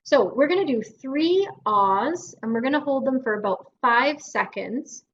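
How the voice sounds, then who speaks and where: A woman's voice: high-pitched, lively intonation, unhurried, fairly bright tone, dull audio, slight background noise. A Canadian woman speech-language pathologist leading a guided voice exercise class in an encouraging way. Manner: encouraging, demonstrates vocal drills.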